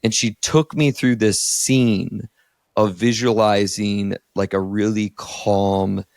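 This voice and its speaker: This man, a thirtysomething therapist from Northeast Ohio, speaks slowly in a low, slightly mellow voice with fairly even intonation while co-hosting a podcast. He shares a candid, emotional personal story packed with "like"s, recorded in studio quality without echo.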